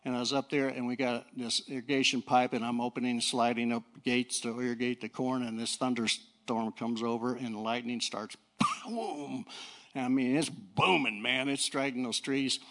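A middle-aged male preacher giving a folksy sermon, swinging from low talk to fiery shouting. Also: steady tone, moderate pace. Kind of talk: sermon with personal story.

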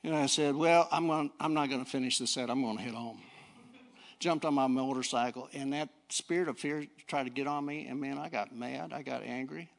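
A middle-aged male preacher giving a folksy sermon, swinging from low talk to fiery shouting. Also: steady tone, brisk, gravelly. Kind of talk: sermon with personal story.

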